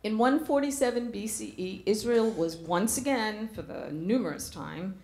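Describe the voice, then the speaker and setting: A woman's voice: mid-range voice, moderate pace, a little mellow, roomy sound. A middle-aged woman preaching a sermon in a church, earnest, asking the congregation questions.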